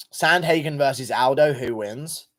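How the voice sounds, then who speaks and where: A man's voice: mid-range voice, a bit bright. A man hosting a casual livestream, thanking donors and giving loose, profane takes in a rambling, laid-back way. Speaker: livestream host reading donations.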